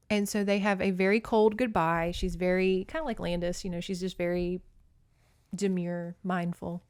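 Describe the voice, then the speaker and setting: A woman's voice: fairly low pitch, level tone, moderate pace, darkish tone, smooth, no echo, studio quality. A young woman hosting a podcast, recapping a novel in a casual, chatty way with wry, sarcastic asides. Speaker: podcast host. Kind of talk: casual book recap with commentary.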